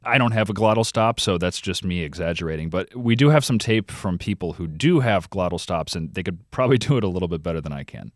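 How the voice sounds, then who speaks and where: A man with a lowish voice explains carefully as a radio guest, pausing on fillers now and then. The sound is close and dry, like a studio mic. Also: lively intonation, no echo. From Vermont. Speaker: radio reporter and podcast host.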